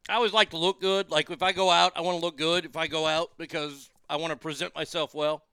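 Gravelly, bright-voiced male show host. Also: a little high, steady tone, quick pace, no room sound. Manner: rambling, irreverent and profane. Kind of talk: casual solo show monologue. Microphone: studio mic through a mixing board.

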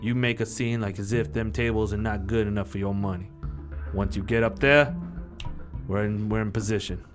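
A man's voice: lowish voice, fairly even intonation, normal speed. A man playing a tabletop role-playing game, speaking in character in a bossy, profane way as he gives orders. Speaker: player. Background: music.

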